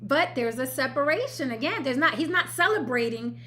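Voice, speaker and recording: A woman from New York hosting a casual livestream panel chat, blunt and quick to laugh, swearing freely. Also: high voice, expressive, pushed and bright, slight background noise. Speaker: host.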